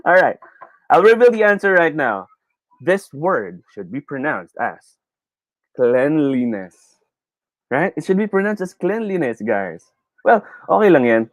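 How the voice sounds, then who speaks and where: A man with a Filipino accent leads a live online pronunciation lesson, his voice jumping up and down in pitch as he cheers his viewers on. He reads their comments aloud, laughs easily and slips between English and Tagalog. The sound is dry and close. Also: no room sound. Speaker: teacher.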